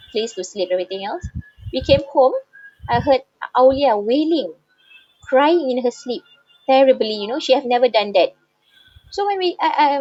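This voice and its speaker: A woman tells an emotional personal story, halting and heartfelt, with many repeated fillers. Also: high voice, a little mellow, no echo. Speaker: bereaved daughter sharing a personal story. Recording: slightly dull, dry recording.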